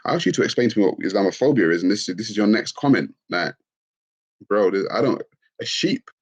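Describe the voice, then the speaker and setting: A middle-aged man, casually chatting on a livestream and reading out comments, laid-back and quick to laugh. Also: fairly low pitch, animated. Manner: laid-back, laughs often, calls people bro. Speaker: livestream host. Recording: dull lo-fi stream audio.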